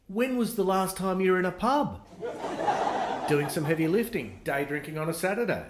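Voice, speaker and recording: A man's voice: fairly high pitch, big pitch swings, brisk, echoey room. An Australian man performing a stand-up comedy routine with dry, sardonic storytelling.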